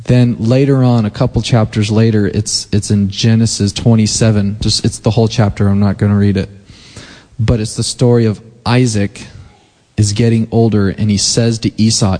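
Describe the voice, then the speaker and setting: Casual preacher in an echoing hall. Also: male voice, on the low side, moderate pace, dark tone. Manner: conversational, loose retellings with voiced quotes, rising to emphatic. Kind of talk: casual sermon retelling scripture. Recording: long hall reverb.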